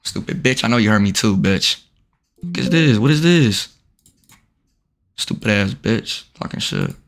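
A man's voice: lowish voice, animated, a little slow, vocal fry, a bit bright. A young man live streaming and video-chatting with strangers, brash and heavy on profanity, talking straight to his chat.

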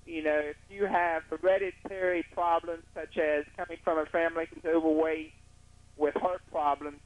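A man's voice: on the high side, fairly even intonation, normal speed, no room sound, phone-quality sound. A male caller giving plain, matter-of-fact advice over the phone. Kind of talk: call-in advice.

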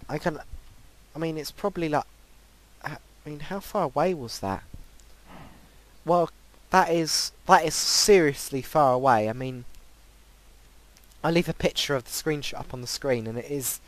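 A man commentating his own game play, breaking into excitable, panicky outbursts and repeated pleading. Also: on the high side, measured pace, no room sound. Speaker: gaming channel host. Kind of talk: Minecraft let's play commentary.

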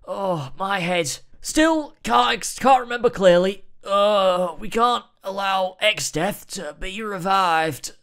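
A man's voice: high voice, a little fast, creaky, hardly any pauses, clean tone, voice pushed up. A man voicing a weary old male warrior with lost memories, reading game dialogue earnestly. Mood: solemn.

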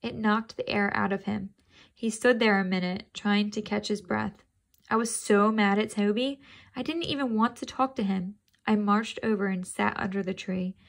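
A woman's voice: mid-range voice, fairly even intonation, normal speed, vocal fry. A woman reading a children's chapter book aloud in a casual way, stopping to think aloud and quiz her listeners.

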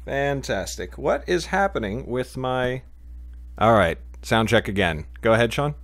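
A man's voice: medium pitch, expressive, a little slow, a bit bright, dry recording. Rambling, joking podcast host man. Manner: rambling, joking, many fillers. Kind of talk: casual podcast chat.

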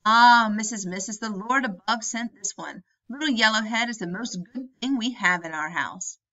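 A woman reading the part of a gentle, devout old male cook in a storybook, speaking slowly and solemnly. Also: fairly high pitch, dull audio. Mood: fond.

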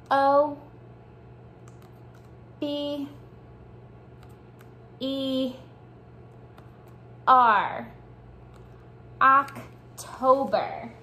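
A woman teaching young children a morning lesson, speaking slowly and encouraging them to repeat after her. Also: on the high side, a bit bright, slight background noise. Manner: slow, encouraging call-and-response teaching. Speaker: preschool teacher.

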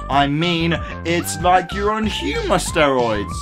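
Goofy man with a bouncy, lively voice. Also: a little high, slow pace, over music. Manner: playful and jokey, with sudden silly outbursts. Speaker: YouTuber reading viewer comments. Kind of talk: goofy comment-reading vlog.

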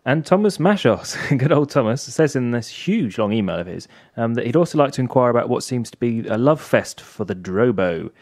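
A man's voice: mid-range voice, big pitch swings, a little fast, hardly any pauses, darkish tone, no echo, clean studio sound. A man co-hosting a podcast, reading listener emails in casual chat with joking asides. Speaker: podcast co-host.

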